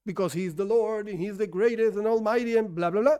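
A man speaks fast in a high, mellow, clean voice, with the top frequencies cut off. English isn't his first language, and his relaxed Torah lesson is marked by running self-corrections and self-answered questions.

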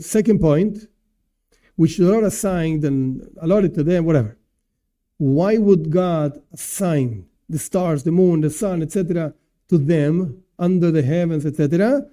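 High, dark-toned man teaching Torah. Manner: animated, explanatory, asks and answers himself. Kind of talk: informal religious lesson.

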